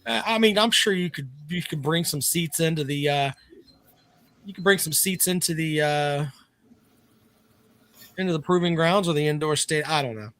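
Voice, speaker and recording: A man's voice: on the high side, moderate pace, long pauses, fairly bright tone. A man co-hosting a casual sports chat show, talking bluntly and swearing freely. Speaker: co-host.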